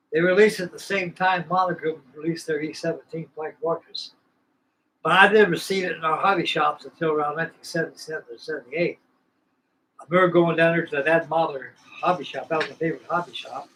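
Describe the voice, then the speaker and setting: A man's voice: a little high, fairly even intonation, fairly quick, a bit bright, slight background noise, rough recording. Rambling older man, folksy storyteller. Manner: rambling, folksy, repeats himself. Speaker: scale model builder hosting a live stream. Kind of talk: casual storytelling chat.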